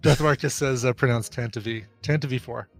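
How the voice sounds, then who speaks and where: A man's voice: medium pitch, normal speed. A man co-hosting a podcast in casual chat, laughing often and restarting his sentences. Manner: laughing, hesitant, full of restarts. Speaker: podcast co-host.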